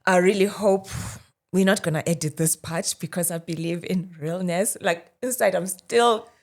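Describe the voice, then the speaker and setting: A woman's voice: on the low side, normal speed. A South African woman hosting a podcast interview, speaking with empathy and backing up her guest with frequent affirming murmurs. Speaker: host.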